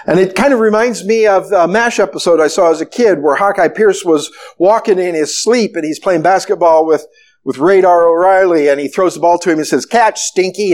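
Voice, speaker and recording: A man preaching a sermon, retelling a story with animated, storytelling delivery. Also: sits high. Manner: animated storytelling, acting out the disciples' panic. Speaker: pastor.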